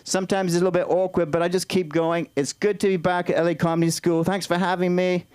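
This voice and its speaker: A man with an English accent doing stand-up at an open mic, chatty and halting as he tries out new lines. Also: high-pitched, level tone, darkish tone, clean tone. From Britain. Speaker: stand-up comic. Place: small comedy club stage.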